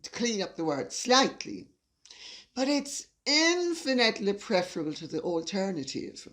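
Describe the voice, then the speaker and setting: A woman's voice: medium pitch, very animated, normal speed, a bit bright. An older woman hosting her channel, reading viewer messages aloud and laughing often as she reads. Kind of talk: casual chat.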